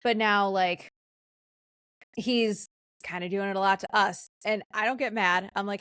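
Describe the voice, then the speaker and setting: Quick, witty woman hosting a podcast. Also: mid-range voice, fairly bright tone, no echo. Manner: quick, witty and sarcastic, laughs often. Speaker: podcast host. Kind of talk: casual podcast chat.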